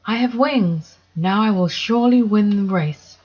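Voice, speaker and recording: A woman's voice: mid-range voice, unhurried, breathy edge, muffled recording. A woman voicing a vain male lion king who is never satisfied, wistful and pleading.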